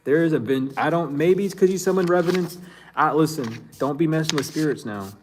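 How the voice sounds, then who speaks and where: A man's voice: fairly high pitch, fairly quick, background noise. A man giving a loose, slangy psychic reading to his viewers, chuckling and thinking aloud with restarts. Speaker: psychic reader. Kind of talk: casual spiritual reading to viewers.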